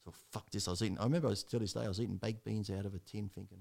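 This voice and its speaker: A man's voice: lowish voice, steady tone, racing, vocal fry, hardly any pauses, fairly bright tone, a little hiss or hum. A man, a podcast guest telling his story in a blunt, rambling way with heavy swearing.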